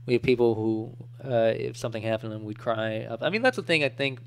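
A man's voice: medium pitch, fast talker, vocal fry, a little hiss or hum. A man in his thirties co-hosting a casual podcast, riffing with crude wisecracks and jokes. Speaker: podcast co-host.

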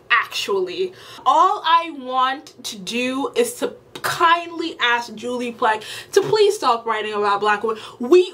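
Woman vlogger with a high voice, slow fed-up rant, keeps repeating herself. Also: pushed and bright. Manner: exasperated, emphatic and repetitive. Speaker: video creator. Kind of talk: casual ranting commentary vlog.

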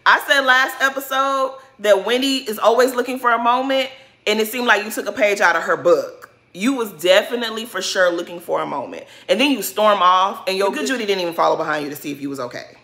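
A woman's voice: mid-range voice, fairly quick, sharp tone. A woman giving a casual recap of a reality TV episode, blunt and sassy, full of slang and cursing. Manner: colloquial slang-heavy talk.

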